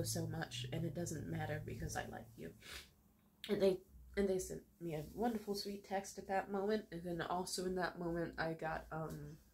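A woman's voice: on the low side, darkish tone. A young woman vlogging at home, crying happy tears and gushing about her gratitude to her viewers, laughing through it. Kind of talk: emotional direct-to-camera vlog. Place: home room.

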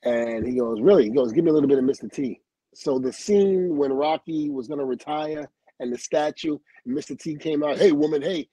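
Middle-aged guy telling stories, husky mellow voice, laughs a lot and does the other people's lines. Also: a little high, brisk, no room sound, low-quality recording. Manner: lively storyteller who acts out quoted dialogue, laughs often, swears. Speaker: guest. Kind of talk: telling wrestling career stories on a livestream.

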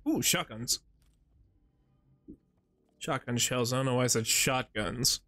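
A man's voice: medium pitch, takes it slowly, bright, forceful tone, no echo. A man streaming a video game, chatting to himself in casual commentary with exasperated outbursts.

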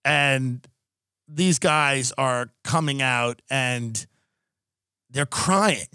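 A man's voice: medium pitch, very slow, sharp tone, clear, resonant tone, no echo, clean studio sound. A man hosting a podcast, delivering a sarcastic, profane comedic rant. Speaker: podcast host.

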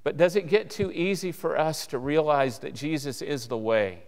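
Male preacher, storyteller type; resonant, slightly high voice; reverberant church sound. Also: moderate pace, gravelly, hardly any pauses. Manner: animated storyteller acting out dialogue. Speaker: guest preacher. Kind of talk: sermon storytelling. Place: church sanctuary.

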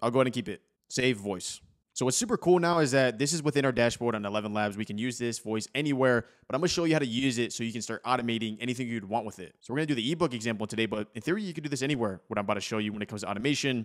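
A young man who talks fast and walks through a software tutorial in a chatty, upbeat way. His voice sits at a middle pitch, and he drops in a casual "y'all". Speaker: host.

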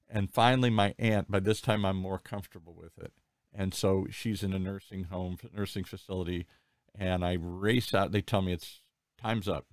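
A man in his sixties hosting an interview, telling personal stories in a candid, rambling, animated way. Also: low-pitched, no room sound, clean studio sound. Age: 60s. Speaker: podcast host. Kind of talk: conversational interview.

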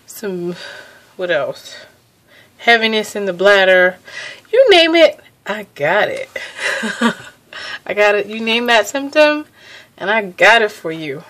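A woman's voice: mid-range voice, sing-song, takes it slowly, pauses often, a bit bright. A young adult woman giving a casual vlog update, chatty and a little out of breath, laughing often and restarting her sentences. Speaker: pregnancy vlogger.

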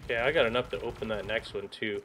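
A man co-hosting a gaming video, chatting casually and reacting loudly as he plays, with game gunfire behind him. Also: fairly low pitch, background noise. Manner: excitable, quick reactions, frequent "dude". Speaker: gaming channel co-host. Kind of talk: casual gameplay chat.

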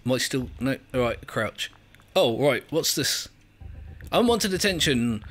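This English gaming video creator, from England, narrates a video game let's play with chatty, self-deprecating humor, often laughing and reading on-screen text aloud. His mid-range voice is a bit bright and animated, delivered at a measured pace.

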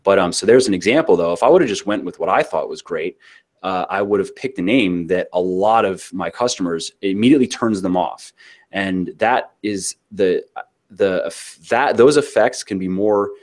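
A man's voice: low voice, normal speed. A man giving an interview about his business, talking casually with many restarts and filler words. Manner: rambling, frequent restarts and filler words, acts out quotes; casual, swears now and then. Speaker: interview guest, author and fitness business owner.

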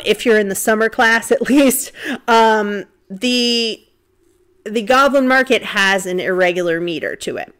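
In a recorded lecture over slides, a woman teaches a literature class in a casual, conversational way. She thinks aloud and says "um" often as she counts out beats, her mid-range voice smooth and a bit bright.

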